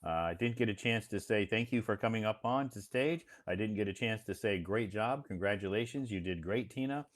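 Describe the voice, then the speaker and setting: A man from the United States with a very low voice talks on a casual live stream. He speaks slowly and patiently and repeats key words so that learners can follow. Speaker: live stream host and English teacher. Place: home in Beijing.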